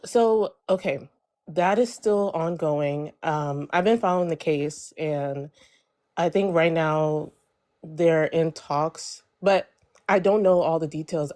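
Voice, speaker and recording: A young woman telling a personal story on a live stream in a casual, chatty way, full of fillers and quoted dialogue. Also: deep voice. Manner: chatty, lots of fillers, animated when quoting others.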